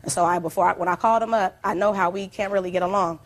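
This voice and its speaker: A woman testifying as the plaintiff in court, telling her story in a rambling, animated way. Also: fairly low pitch, very fast.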